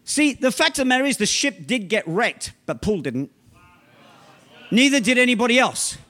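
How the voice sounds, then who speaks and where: Man, pastor, very high-pitched voice, emphatic sermon, sudden shouts, slow scripture reading. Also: very animated. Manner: emphatic preaching, often asking "right?", slow scripture reading; bursts into loud shouts.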